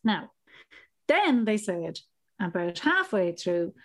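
An Irish woman in her thirties, a podcast co-host telling a story in casual chat, animated and laughing as she acts out the voices. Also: mid-range voice, slow pace. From Ireland.

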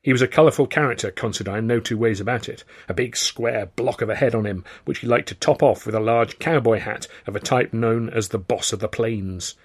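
Guy reading his own book out loud, husky voice, wry storyteller. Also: lowish voice, a little fast, few pauses. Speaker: author and narrator. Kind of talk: first-person audiobook narration.

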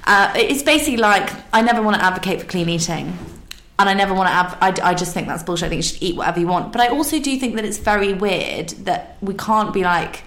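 Fast-talking chatty woman host. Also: mid-range voice, reverberant. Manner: chatty, animated storyteller. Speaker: podcast host. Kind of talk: casual chat.

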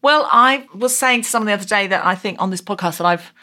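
A woman's voice: medium pitch, fast talker, sharp tone. A woman hosting a comedic podcast over a video call, playful and theatrical, with mock indignation. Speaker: podcast host. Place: home, recorded remotely over Zoom.

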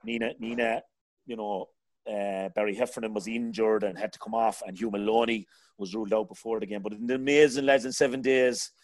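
A man's voice: on the low side, steady tone, a little fast. A middle-aged Irish man hosting a casual sports chat, rambling and talking to his panel as lads. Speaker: podcast host.

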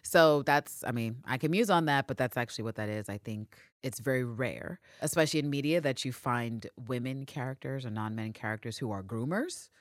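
A woman from New York City co-hosting a podcast, recapping a show in sassy, animated casual chat and swearing freely. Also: a little fast, few pauses, dry recording, clean studio sound. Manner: animated, acts out characters' lines with big pitch jumps. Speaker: podcast co-host.

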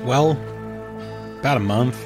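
A man voicing a high-strung, blustering cattle rancher with a put-on western rural drawl, swearing and stumbling over his words. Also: a little slow, music in the background, lightly acted. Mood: grumbling.

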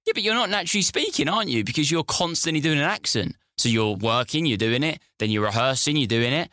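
A man's voice: on the high side, lively intonation, fast, pushed and bright, no room sound. A young British man co-hosting a podcast, rambling and self-mocking in banter. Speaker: podcast co-host. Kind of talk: casual chat.

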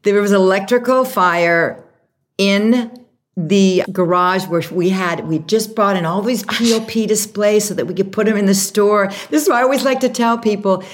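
A woman being interviewed about starting her makeup brand, telling the story with lively, acted-out quotes. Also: mid-range voice, normal speed. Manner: animated storyteller, acts out quotes. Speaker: guest, makeup artist and brand founder.

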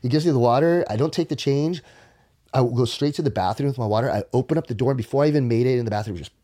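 A man telling a long profane story in casual podcast talk, animated, dropping to whispers and jumping high to quote people. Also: very fast. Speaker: podcast guest.

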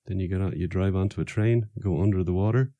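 Low-voiced chatty podcast host. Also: male voice, fast talker, dark tone, dry recording. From Ireland. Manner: chatty, laughs often. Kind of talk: casual podcast chat.

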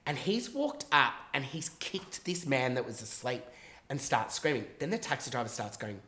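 A bright-toned man tells a story in a loose, animated way, swearing freely and acting out what people said. The recording has a roomy echo, like an untreated room. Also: medium pitch, moderate pace. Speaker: guest telling a story. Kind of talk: casual storytelling on a podcast.

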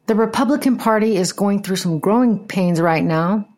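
A woman's voice: mid-range voice, normal speed, few pauses. A woman hosting a podcast, giving casual, sarcastic political commentary with frequent swearing. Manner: sarcastic, profane, animated. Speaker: podcast host.

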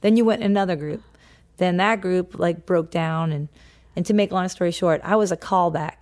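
A woman in her fifties telling a childhood story in a relaxed chat, bringing it to life by imitating the people in it. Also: lowish voice, a little fast. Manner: lively anecdotal, mimics voices in quotes. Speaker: guest. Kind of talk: casual storytelling.

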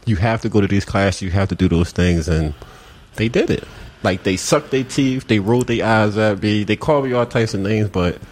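This Philadelphia-accented founder of a community group speaks at a moderate pace in a fairly low voice. Interviewed casually outside on a city street, he spins lively stories, performing the lines of everyone he quotes.

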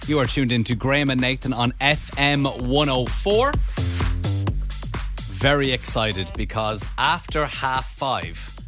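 An Irish man hosting a radio show, running the segments in brisk, upbeat presenter patter. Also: medium pitch, animated, over music.

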